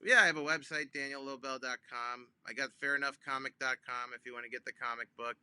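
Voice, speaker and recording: A comedian, a man, telling a funny phone-call story in an animated way, with many ums and restarts, acting out both sides. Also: mid-range voice, fast, smooth, dry recording. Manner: acts out both sides of phone calls with big voice jumps. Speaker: comedian guest.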